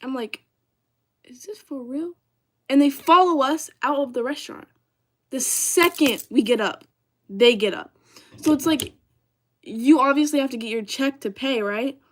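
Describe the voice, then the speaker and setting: A young woman talks straight to her livestream audience in a loose, rambling way. Her voice sits a little on the high side, and her sentences keep circling back through "like" and "y'all" in relaxed storytelling. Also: moderate pace. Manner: chatty, heavy use of "like", addresses viewers as "y'all".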